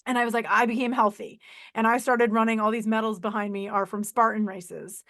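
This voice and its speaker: Podcast host, woman in her 40s, bright higher pitch, animated storyteller, video-call audio. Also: brisk. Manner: animated, emotional storyteller who acts out voices in quotes. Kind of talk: casual conversational storytelling.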